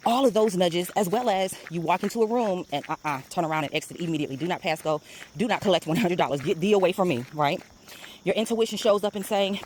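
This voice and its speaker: A woman's voice: lowish voice, quick pace, darkish tone. A woman giving a casual spiritual talk, storytelling with lots of laughter and slangy asides. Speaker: spiritual coach. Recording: faint background noise.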